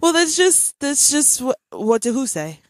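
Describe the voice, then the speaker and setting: Speaking at a measured pace in a high-pitched voice, this woman in her thirties hosts a podcast and animatedly shares a family story, breaking into frequent laughter. There's no room sound in the recording.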